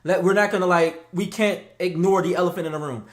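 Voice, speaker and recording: A man co-hosting a casual talk show, animated and slangy, laughing often. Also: sits high, quick pace, roomy sound. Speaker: podcast co-host. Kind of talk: casual chat.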